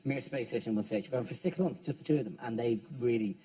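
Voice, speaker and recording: A man hosting a comedy panel show, joking in a quick, conversational way, heard from a distant studio mic. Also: mid-range voice, dark tone. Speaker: host.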